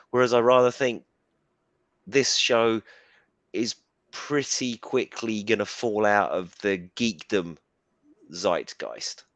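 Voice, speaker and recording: A man, a guest on a live-stream chat, talking casually and haltingly, often repeating and restarting his words. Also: fairly low pitch, a bit bright, no room sound.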